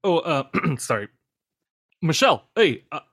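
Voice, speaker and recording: A man voicing a genial former male president who talks haltingly with many pauses, as a comedic podcast impression. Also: a little high, big pitch swings, a bit bright, breathy edge, heavily acted.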